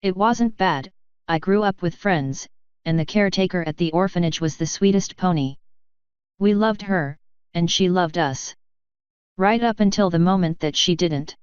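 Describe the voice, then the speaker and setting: A woman's voice: lowish voice, moderate pace, clean tone, dry recording, lightly acted. A woman voicing a young male pony, an orphan thief who brushes off sympathy, in a guarded, matter-of-fact way; dull lo-fi recording. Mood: reflective.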